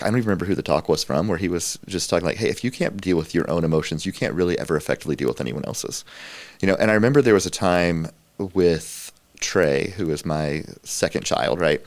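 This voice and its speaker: A man's voice: low-pitched, no room sound. A man in his forties, a pastor, talking candidly and reflectively, with a self-deprecating humor. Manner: reflective, self-deprecating, laughs while telling stories. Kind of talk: candid conversation.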